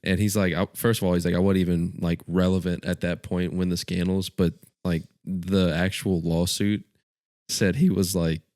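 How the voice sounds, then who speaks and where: A male podcast co-host with a low voice talks in a loose, casual way. He retells stories and acts out what people said. The sound is dry, with no room echo. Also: flat delivery, normal speed, a little mellow. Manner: retells stories with acted-out quotes. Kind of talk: casual chat.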